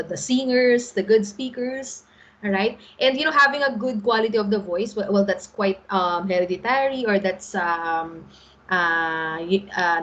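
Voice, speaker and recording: A woman's voice: mid-range voice, fairly bright tone, rough recording. A middle-aged Filipino woman teaching an online class, explaining patiently and often checking in with the students.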